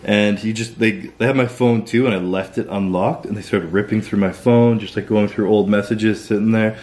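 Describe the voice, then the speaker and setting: A young Canadian man, a vlogger, tells a personal story to the camera in a loose, profane way, saying "like" constantly. His voice is fairly low and darkish, with fairly even intonation and a normal speed.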